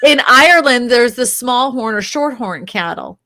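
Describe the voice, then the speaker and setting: A woman, a real estate agent, chatting as a guest, telling lively stories and laughing often. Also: on the high side, normal speed, dry recording. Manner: animated storyteller, laughs often, acts out quotes. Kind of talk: casual interview chat.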